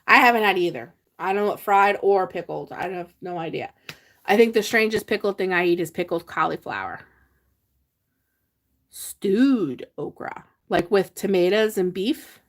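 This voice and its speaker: A chatty woman hosts a casual livestream. She talks easily with her viewers, reads their comments aloud and laughs often as she goes. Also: medium pitch. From Pennsylvania. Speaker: livestream host.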